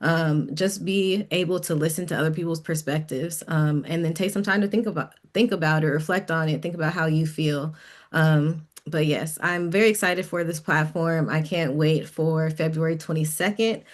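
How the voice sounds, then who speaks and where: A woman speech-language pathologist, a guest on a podcast panel, calmly offering reflective advice. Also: sits low, normal speed. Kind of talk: conversational panel discussion.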